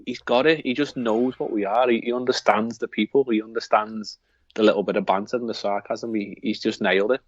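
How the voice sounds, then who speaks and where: The lo-fi recording, free of echo, features a man with a low, steady voice who talks a little fast. Co-hosting a football podcast in a Liverpool accent, he rambles through casual football chat with frequent restarts.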